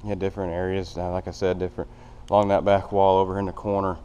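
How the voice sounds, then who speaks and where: Low-voiced man touring an old factory. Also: flat delivery, fast, dark tone, smooth. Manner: rambling, plainspoken, with fillers. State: out of breath. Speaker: vlogger touring a building. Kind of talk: casual walkthrough narration. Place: large empty old factory, indoors.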